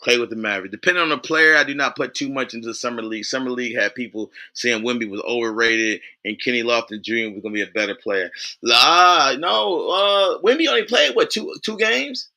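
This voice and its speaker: A man's voice: medium pitch, animated, fairly quick, sharp tone. A man vlogging about basketball in a loose, casual way, full of fillers and boastful trash talk. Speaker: sports vlogger.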